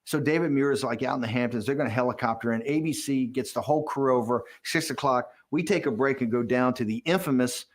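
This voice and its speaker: In an interview, a political strategist with a mid-range voice recounts a behind-the-scenes episode. He tells it rapidly and with animation, acting out quotes, chuckling, and often restarting sentences and repeating words.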